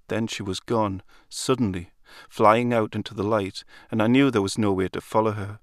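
A man reading a literary story aloud in a calm, measured storytelling manner. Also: lowish voice, dry recording, studio quality. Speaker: narrator. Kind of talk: literary audiobook narration.

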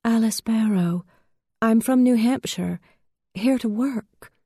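A woman's voice: fairly high pitch, slow, dark tone, breathy edge, no echo, studio quality, voice pushed up, heavily acted. A woman voicing a tired, tentative young woman newly arrived at a mill town, in a storybook reading. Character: weary young woman newcomer.

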